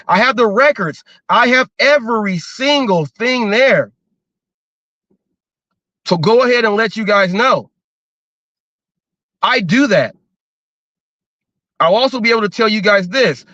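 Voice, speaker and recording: A man's voice: high-pitched, fairly bright tone, no room sound, dull audio. A man hosting a livestream, ranting defensively and often repeating himself as he restarts his words. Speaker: livestream host.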